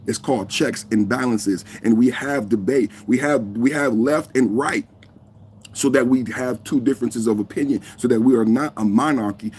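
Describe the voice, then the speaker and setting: A man of fifty hosting a live podcast, reacting heatedly, cursing and shouting at trolls in the chat while he holds his phone. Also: on the low side, a little hiss or hum. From United States. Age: 50s. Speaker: podcast host. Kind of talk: live-stream reaction talk. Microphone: phone held in hand.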